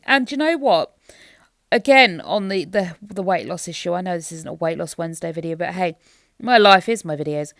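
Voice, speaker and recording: A woman's voice: mid-range voice, a bit bright, dry recording, clean studio sound. A woman, rambling candidly to camera at home as a home vlogger, musing aloud in a self-deprecating way. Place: home bedroom.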